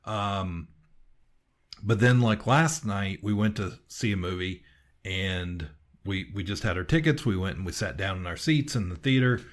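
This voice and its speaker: A man with a fairly low voice chatting casually on a podcast. He rambles through a story, stopping and restarting often and filling pauses with ums. His tone stays easygoing and conversational. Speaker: podcast co-host.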